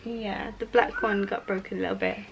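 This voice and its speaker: Speaking briskly with fairly even intonation and some vocal fry, a young mother vlogs from home and the garden. She's talkative and upbeat, laughing frequently as she addresses the camera in her mid-range voice. The recording is rough, with slight hiss or hum.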